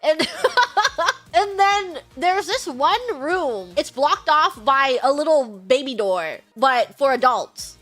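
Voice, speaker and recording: A woman streamer telling a story in casual chat, animated, laughing often and acting out the lines she quotes. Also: high voice, takes it slowly, faint music behind.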